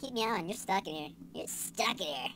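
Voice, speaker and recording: A young woman giving casual let's-play commentary, excitable and sarcastic, swearing and yelling at the game. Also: medium pitch, fairly quick, heavy background noise. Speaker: gaming channel host.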